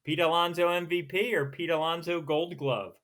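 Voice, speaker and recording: Slightly high-voiced man hosting a podcast. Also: fairly even intonation, fairly bright tone. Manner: quick, teasing questioner. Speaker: podcast host. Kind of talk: casual sports chat.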